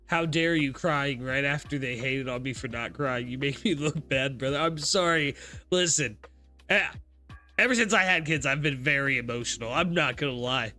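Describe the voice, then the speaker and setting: Excitable cursing young man streaming. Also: medium pitch, normal speed, soft background music. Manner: excitable, swears a lot, laughs often. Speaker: stream host. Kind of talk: live reaction stream.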